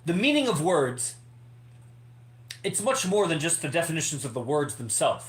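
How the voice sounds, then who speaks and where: Man, podcast host, emphatic rambling monologue, swears freely, slightly high voice, echoey room. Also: sing-song, moderate pace. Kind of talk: casual monologue to members.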